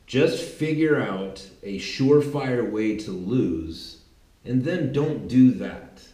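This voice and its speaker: A man's voice: medium pitch, expressive, takes it slowly, warm tone, echoey room, low-quality recording. A man giving a rambling, emphatic political monologue, often restarting his sentences and adding asides. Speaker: political commentator.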